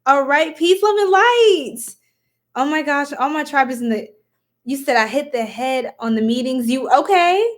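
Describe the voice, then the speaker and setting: A woman's voice: high voice, normal speed. A woman giving a live-stream tarot reading, chatty and giggly, casually goofing off and talking straight to her viewers. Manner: casual, talks to viewers as y'all. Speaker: tarot reader.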